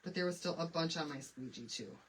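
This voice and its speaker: A woman's voice: low-pitched, a little fast, slightly rough, far from the mic, poor audio. A middle-aged woman from Michigan hosting a casual live craft demonstration, chatting and greeting viewers by name. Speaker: craft livestream host.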